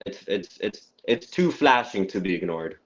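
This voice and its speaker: A young man with a very low, deep voice talks over a dull, muffled phone line. He speaks in a laid-back way and often repeats his words while he gathers his thoughts. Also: lively intonation, moderate pace. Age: young adult. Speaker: boxer, interview guest. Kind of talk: casual call-in interview. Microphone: phone on a call. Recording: dull phone-call audio.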